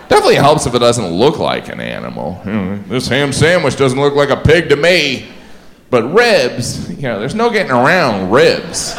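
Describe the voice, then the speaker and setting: A man doing a stand-up comedy set in a dry, deadpan way, now and then putting on silly voices. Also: medium pitch, moderate pace. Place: comedy club stage. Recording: live club set with crowd laughter and noise.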